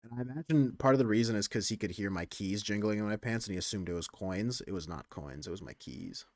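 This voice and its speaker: Rambling young man streaming, low voice. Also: fast, dry recording, clean studio sound. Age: young adult. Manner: rambling, self-interrupting, crude. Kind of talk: casual stream chat.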